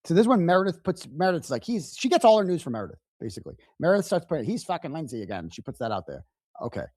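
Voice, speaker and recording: Male streamer host, reacting live, indignant, lively delivery. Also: a little high, rapid-fire, no echo, clean studio sound. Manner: animated, indignant retelling. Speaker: livestream host.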